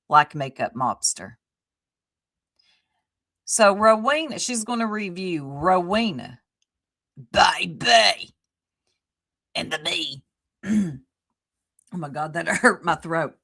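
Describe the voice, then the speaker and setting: Slow, bright-voiced woman streamer chatting. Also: fairly low pitch. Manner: chatty, greets chat viewers by name mid-sentence; laughs often while talking. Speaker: livestream host. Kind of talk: casual live-stream commentary.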